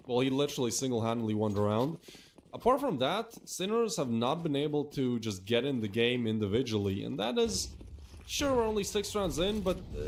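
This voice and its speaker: A man's voice: mid-range voice, a little hiss or hum. A man giving chatty, laughing color commentary and analysis on an esports match.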